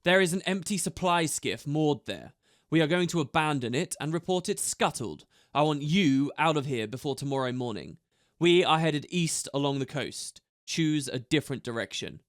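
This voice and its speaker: A man's voice: a little high, animated, moderate pace, dry recording, clean studio sound, lightly acted. A man voicing a fierce male Charr commander who snarls curt orders. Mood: cold.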